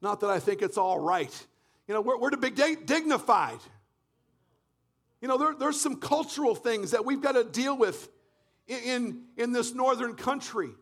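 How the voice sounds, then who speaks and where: A man from Canada preaching a fervent sermon, often shouting and repeating phrases in a church. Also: extremely high pitch, lively intonation, moderate pace. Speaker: pastor.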